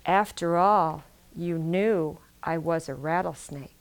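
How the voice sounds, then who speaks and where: A woman voicing a cunning rattlesnake that pleads slowly in a low voice. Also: smooth. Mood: cold. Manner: slow, drawn-out pleading.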